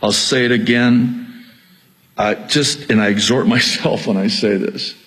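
Middle-aged man preaching, unhurried delivery, insistent and self-mocking. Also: lowish voice, fairly even intonation, a bit bright, rough recording. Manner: exhorting, repeats key points, jokes at his own expense. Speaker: pastor. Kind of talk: sermon.

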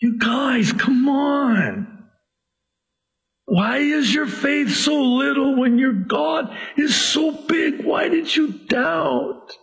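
A preacher acting as a shouting, commanding Jesus. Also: male voice, very high voice, drawn-out words, gravelly, voice pushed up, heavily acted. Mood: pleading. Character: stern adult male Jesus driving out money changers.

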